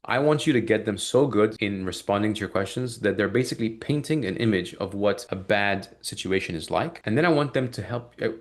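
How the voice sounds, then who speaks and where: Fast-talking low-voiced male sales coach. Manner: brisk, acts out both sides of sales calls. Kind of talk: live sales training call.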